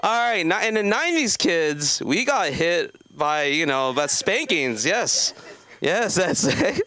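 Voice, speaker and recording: A man's voice: high-pitched, very animated, slow, bright, forceful tone. A man in his thirties from South Los Angeles doing open mic stand-up, rambling with lots of fillers and restarts. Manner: rambling, many fillers and self-interruptions. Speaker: stand-up comedian. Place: comedy club stage.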